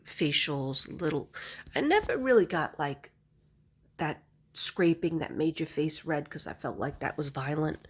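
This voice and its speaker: A woman's voice: low voice, a bit bright, slightly rough. A middle-aged woman vlogger chatting casually to camera, rambling and laughing often.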